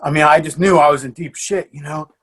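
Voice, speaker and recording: A fast-talking American jiu-jitsu coach, middle-aged, with a husky and fairly high voice, shares stories casually as a podcast guest. He's an animated storyteller who cusses freely, laughs often, and restarts a lot.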